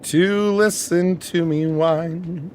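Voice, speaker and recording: A man's voice: a little high, fairly even intonation, extremely slow, a little mellow, a little hiss or hum. A man streaming, chatting casually with friends and talking himself through tasks as he goes. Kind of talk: casual livestream chat with friends.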